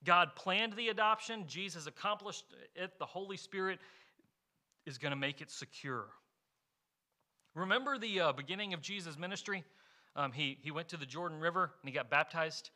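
Earnest preaching man, bright voice. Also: high-pitched, normal speed. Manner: earnest preaching with rhetorical questions; explains with homely examples. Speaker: pastor. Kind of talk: sermon.

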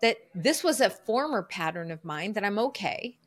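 Middle-aged woman, podcast guest, earnest storyteller, medium pitch. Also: moderate pace. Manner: lively, earnest storyteller who acts out her own inner voice.

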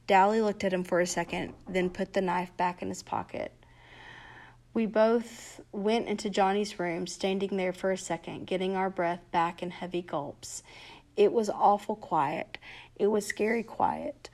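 A woman reads a novel aloud at a middle pitch. Her narration is plain and steady, chapter by chapter. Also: a little slow. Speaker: reader.

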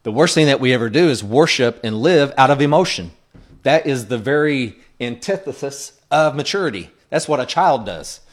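A man's voice: mid-range voice, expressive, moderate pace. A pastor giving a conversational sermon, earnest and plainspoken, often checking in with the congregation as he teaches. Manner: frequent checking-in asides to the congregation.

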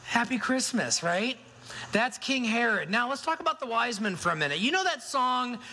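A man's voice: very high-pitched, expressive, moderate pace, sharp tone, rough recording. A man preaching a Christmas sermon, talking conversationally and asking the congregation questions. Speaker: pastor.

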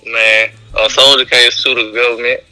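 A man's voice: medium pitch, level tone, moderate pace, sharp tone, clean tone, soft background music. A man calling in to a casual podcast chat over a poor connection, talking in laid-back slang. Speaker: guest calling in. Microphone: remote call over poor wi-fi.

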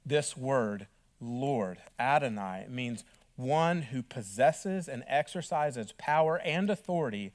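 A male pastor preaching a sermon, reading scripture aloud with dramatic swings between loud stressed words and quiet drawn-out phrases. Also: medium pitch.

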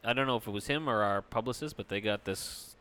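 A man's voice: fairly low pitch, fast talker, bright, forceful tone. A man in a band, teasing and playfully defensive in casual banter. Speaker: band member.

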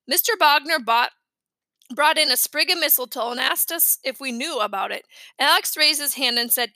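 A woman with a high, bright voice reads a children's chapter book aloud. Her storytelling is lively. The recording is close and dry, with no room sound. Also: normal speed, no echo. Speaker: narrator. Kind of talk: children's audiobook reading.

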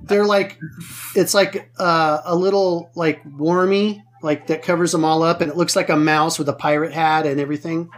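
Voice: medium pitch, steady tone, moderate pace. A player chatting casually during a tabletop game, joking and rambling.

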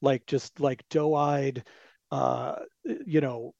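A man's voice: mid-range voice, fairly even intonation, extremely slow, vocal fry, darkish tone, no room sound, dull audio. A man talking loosely as a podcast guest, with lots of fillers, restarts and "you know what I mean.". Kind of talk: casual conversation.

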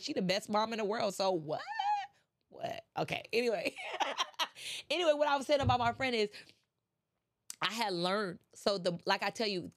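A woman's voice: medium pitch, a bit bright. Congested chatty woman host. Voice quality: congested, nasal. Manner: chatty, rises to impassioned preaching. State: stuffy with allergies. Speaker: podcast host. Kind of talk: casual motivational talk.

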